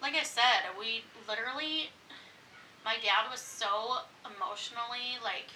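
A woman in her thirties co-hosting a podcast, talking loud and animated, swearing and laughing in casual chat. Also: a little high, unhurried, far from the mic, slight background noise, low-quality recording. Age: 30s. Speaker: podcast co-host.

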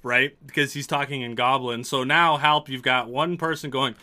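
A man's voice: medium pitch, steady tone, moderate pace, sharp tone. A man narrating a tabletop game as game master, loose and laughing, with casual swearing.

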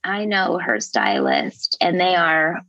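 A woman co-hosting a casual gossip podcast, talking in a quick, sassy way. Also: fairly low pitch, huge pitch swings, bright, forceful tone, dry recording, dull audio. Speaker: podcast co-host.

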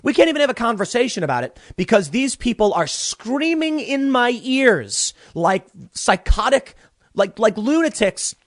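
A man's voice: very high voice, very animated, moderate pace, dry recording. A young man hosting a political commentary show from a small closet studio, ranting animatedly and stammering through repeated words. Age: young adult.

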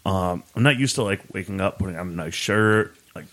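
A man's voice: low voice, fairly quick, fairly bright tone, a little hiss or hum. Rambling, joking man on a podcast. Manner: joking, rambling with filler words. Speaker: podcast co-host. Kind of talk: casual banter.

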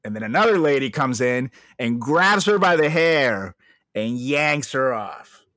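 Animated young man, casual podcast banter. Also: medium pitch, measured pace, no room sound, studio quality. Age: young adult. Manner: animated, jokey, trails off quietly. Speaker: podcast co-host. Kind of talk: casual chat.

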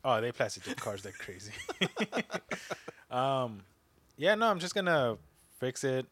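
A man's voice: mid-range voice, big pitch swings, a little slow, fairly bright tone, no room sound. A man co-hosting a casual podcast, chatty and upbeat. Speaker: podcast co-host.

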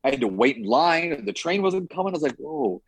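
A man's voice: fairly high pitch, lively intonation, quick pace, no echo. A man who trains fighters, chatting casually on a podcast, rambling and swearing now and then with lots of "like" and "you know".

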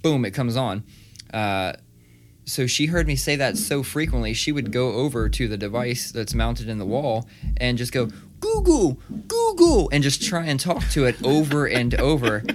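A man in his thirties talks loosely into a studio mic, drifting into tangents and the odd curse word. His pitch sits in the middle range for a man. Faint clicks can be heard in the background. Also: a little hiss or hum. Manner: loose, swearing, quick asides. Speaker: podcast co-host. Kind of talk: casual chat. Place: small studio. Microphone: studio microphone.

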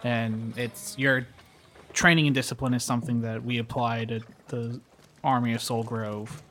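A man taking part as a player in a tabletop game, asking hesitant, halting questions. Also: medium pitch, flat delivery, fairly bright tone, a little hiss or hum. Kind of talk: casual tabletop play.

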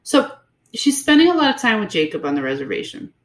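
A woman's voice: a little high, sing-song, quick pace. A woman co-hosting a podcast, recapping a book in casual, sarcastic chat with lots of fillers. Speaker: podcast co-host.

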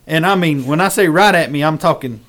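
A man tells a story in a lively rural drawl, now and then calling his listeners "son". His voice sits a bit high for a man. He hosts a relaxed, casual chat. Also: a little fast.

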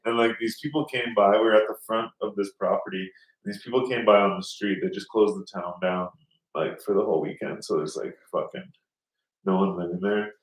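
A man's voice: lowish voice, steady tone, fairly quick. A man telling a rambling story in casual chat, swearing a lot and acting out other people's lines. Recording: roomy sound from a distance.

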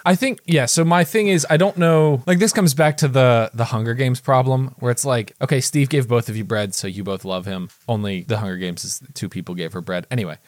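A man in relaxed conversation, talking in an animated, rambling way full of quick asides. His voice sits at an ordinary middle pitch. The sound is dry and close, with little room in it. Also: no room sound. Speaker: podcast co-host. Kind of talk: casual chat.

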